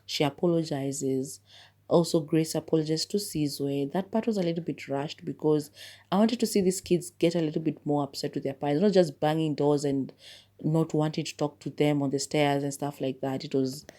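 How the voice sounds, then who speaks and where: A woman podcast host with a low voice and a warm, mellow tone. She walks through a film's plot in easygoing conversation, filling the gaps with "like" and shrugging off details with "blah, blah, blah.". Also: moderate pace. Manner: chatty, loose retelling with many "like" fillers and "blah, blah, blah". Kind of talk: casual movie review retelling the plot.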